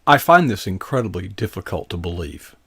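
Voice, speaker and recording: A man's voice: sits low, big pitch swings, a little fast, fairly bright tone, husky, dry recording. A man hosting a casual interview, talking in a rambling way that takes detours before reaching his point. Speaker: host.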